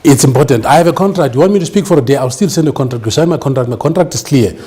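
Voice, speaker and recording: A man's voice: medium pitch, lively intonation, racing, mellow, breathy edge. Emphatic man lecturing. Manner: emphatic, keeps checking the audience understands. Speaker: business speaker. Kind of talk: seminar lecture.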